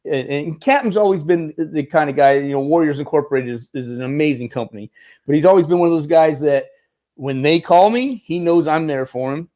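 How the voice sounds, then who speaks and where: A middle-aged man, a former Marine, tells animated stories in a casual interview, laughing often and restarting his sentences. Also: on the high side, fairly quick. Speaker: guest, former Marine turned film military advisor.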